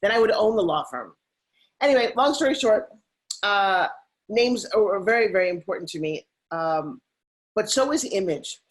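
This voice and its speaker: A woman in her fifties, a motivational speaker, telling stories in an animated, emphatic way as an interview guest. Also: medium pitch, normal speed. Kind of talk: interview storytelling.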